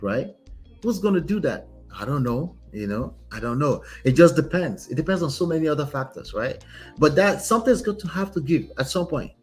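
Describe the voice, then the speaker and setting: A man, a relationship coach host giving casual, emphatic commentary and often asking "right?". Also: a little high. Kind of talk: casual commentary on a reader's story.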